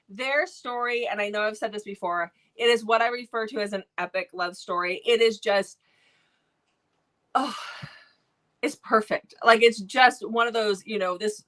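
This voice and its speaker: A woman co-hosting a book review channel, chatting casually and gushing with lots of restarts as she retells a story. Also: medium pitch. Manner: gushing, self-interrupting, animated storytelling.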